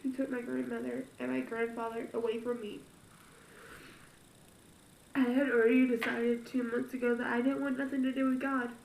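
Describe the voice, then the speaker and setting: A teenage girl speaks slowly in a high, gravelly voice, her words wavering as she cries through a personal story. It is a confessional vlog recorded in an echoey room with a faint hiss behind her. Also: flat delivery, darkish tone. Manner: emotional, tearful storytelling. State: crying. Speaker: vlogger.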